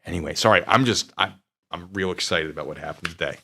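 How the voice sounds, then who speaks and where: A man's voice: sits low, quick pace, vocal fry, sharp tone, husky. A man hosting a stream, chatting casually with his viewers in a rambling, joking way. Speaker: streamer and video host. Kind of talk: casual chat to live chat.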